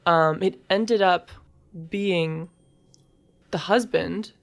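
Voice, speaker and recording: A woman co-hosting a casual podcast chat, animated and chatty, peppering her talk with "like" and the odd swear. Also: lowish voice, very slow, vocal fry. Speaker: podcast co-host.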